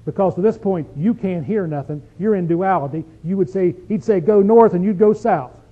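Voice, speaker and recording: A man's voice: high voice, moderate pace. A man preaching a sermon in a folksy manner, reading scripture aloud with emphasis. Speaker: pastor. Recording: dull lo-fi recording.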